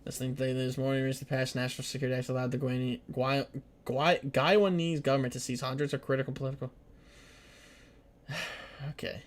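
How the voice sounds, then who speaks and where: Man, mid-pitched voice, game stream, reads text aloud, trips over words, joking asides. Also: level tone, brisk, pauses often, a little hiss or hum. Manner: casual, joking asides between reading. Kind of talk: strategy game livestream commentary.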